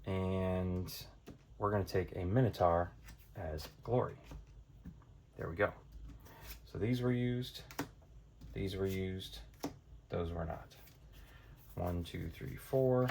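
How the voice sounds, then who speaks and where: Male board game presenter, low voice, relaxed think-aloud playthrough delivery. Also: slow, creaky, long pauses, slight background noise. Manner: thinking aloud, counting cards out loud. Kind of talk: casual tabletop playthrough tutorial.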